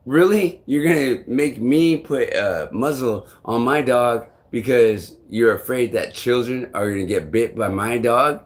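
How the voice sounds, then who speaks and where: A man vlogging, telling a long frustrated story in a rambling, profane way. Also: fairly low pitch. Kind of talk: casual storytelling to camera.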